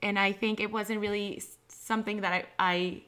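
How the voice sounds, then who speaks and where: Woman guest, bright, sharp voice, hesitant and chatty storyteller. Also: mid-range voice, flat delivery, moderate pace, smooth. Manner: chatty, hesitant with many fillers. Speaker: guest, former restaurant host at a theme park. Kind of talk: casual anecdotal conversation.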